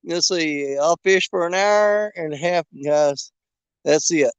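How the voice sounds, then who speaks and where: A man's voice: a little high, takes it slowly, clean tone, no room sound, highs cut off. An older man hosting a fishing live stream outdoors, joking with his viewers and laughing often in casual, rambling chat. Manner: jokey and rambling, laughs a lot. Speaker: fishing channel host. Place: outdoors at a creek.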